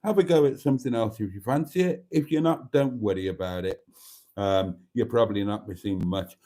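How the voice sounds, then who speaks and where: A man's voice: lowish voice, fairly quick, warm tone. A man hosting a live stream, reading out viewer comments in a casual chat and calling his viewers darlings with mock-grand phrasing.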